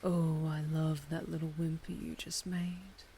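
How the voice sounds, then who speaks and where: A woman voicing a powerful, possessive female orc warrior in a whispered role-play, murmuring and often breathy. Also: low voice, flat delivery, unhurried, warm tone, slight background noise. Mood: seductive, possessive. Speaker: ASMR storyteller.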